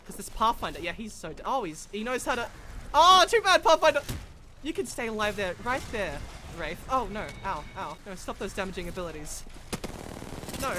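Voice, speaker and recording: A woman giving excitable, frantic gameplay commentary, often breaking into laughs. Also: mid-range voice, background noise. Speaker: gaming video creator. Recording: gunfire and game sounds behind voice. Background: game gunfire and effects.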